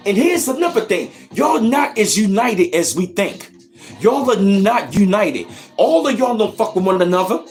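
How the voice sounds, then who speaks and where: A man rants in heated commentary, firing off profane rhetorical questions. His fairly high voice leaps up and down as he builds. Faint music plays underneath. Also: sing-song, moderate pace. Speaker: channel host.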